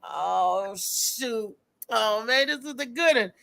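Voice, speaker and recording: A middle-aged woman hosting a live talk show in an animated, laughing way. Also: on the high side, slow, creaky. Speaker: show host. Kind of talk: casual live show chat.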